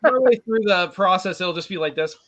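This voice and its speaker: A man's voice: high voice, animated, fairly quick, fairly bright tone, highs cut off. A man who is a guest artist speaks on a video call in casual chat, bubbly and laughing often.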